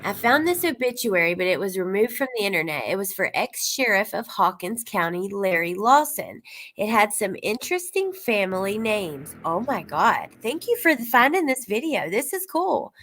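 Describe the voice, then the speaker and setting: A woman's voice: mid-range voice, sing-song, moderate pace, a bit bright, slight background noise. A woman YouTuber giving casual, rambling true-crime commentary and talking straight to her viewers. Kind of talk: casual commentary reacting to clips.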